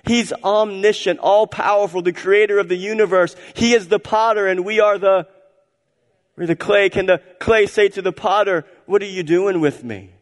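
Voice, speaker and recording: Emphatic pastor preaching in a reverberant hall. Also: male voice, high-pitched, moderate pace. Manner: emphatic, repeats phrases, swings between loud and hushed. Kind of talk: sermon. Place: church sanctuary.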